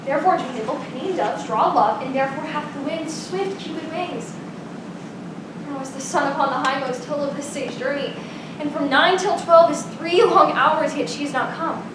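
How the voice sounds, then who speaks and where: A woman's voice: moderate pace, close to an everyday voice. A woman acting a young girl in love in a live stage play, speaking classical verse with pleading impatience. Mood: wistful impatient. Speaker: stage actor. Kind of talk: live student stage performance. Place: theater stage. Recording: echoey hall from far off, rumble.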